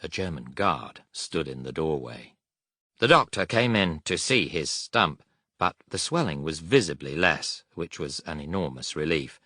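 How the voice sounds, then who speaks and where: A man reading a war audiobook in a measured, steady narration. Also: low-pitched, no room sound, clean studio sound.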